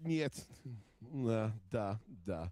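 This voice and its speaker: A man's voice: lowish voice, expressive, very slow, dark tone, voice pushed down. A man putting on an exaggerated Russian accent to play a joking, paranoid comrade. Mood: mock-paranoid. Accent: put-on Russian. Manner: playful, exaggerated parody.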